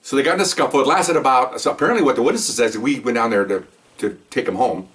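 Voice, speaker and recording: A man's voice: medium pitch, quick pace, a bit bright, distant mic. An older man and retired police officer casually telling a story, rambling and chuckling with frequent "okay"s.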